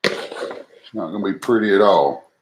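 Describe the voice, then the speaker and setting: A man's voice: sits low, measured pace. A man hosting a live cooking stream, chatting casually and poking fun at himself as he talks to viewers. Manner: folksy, self-deprecating, talks to viewers as he cooks. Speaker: cooking livestream host. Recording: noisy home recording.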